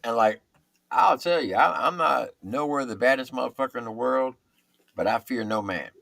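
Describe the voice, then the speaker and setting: A middle-aged man and military veteran telling war stories in casual, profane, animated talk. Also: medium pitch, normal speed, creaky, dry recording. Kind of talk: casual storytelling.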